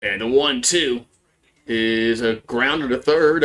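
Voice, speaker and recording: A man calling a softball game play by play on a live stream from home, in a casual, chatty way. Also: mid-range voice, a little slow. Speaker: play-by-play commentator. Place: at home with a barking dog.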